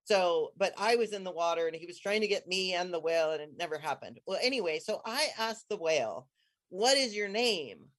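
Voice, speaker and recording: Casting note: excitable conversational storyteller, mid-range voice, rambling restarts, sudden high-pitched bursts of glee. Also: brisk. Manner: excitable, bursts into high squeals when quoting herself; rambling, many restarts and trailing phrases. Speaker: guest telling a personal story.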